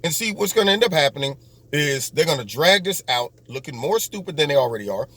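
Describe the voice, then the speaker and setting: Male host, fairly high voice, sarcastic political monologue with mocking impressions. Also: big pitch swings, fast talker, a bit bright.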